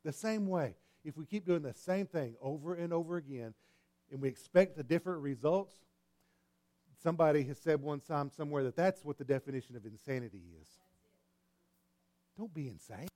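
Animated preaching man, fairly high voice. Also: brisk. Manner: animated preaching with repetitions and restarts, swings from quiet to loud. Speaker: pastor. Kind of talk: sermon. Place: church hall with congregation.

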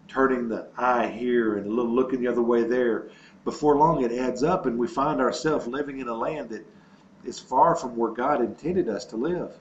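A man preaching an earnest sermon in an ordinary mid-range voice, leaning on repetition and little stories to make his point. The sound is roomy and a bit dull, with a faint hiss underneath. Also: medium pitch. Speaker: pastor. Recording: echoey room with faint noise and dull sound.

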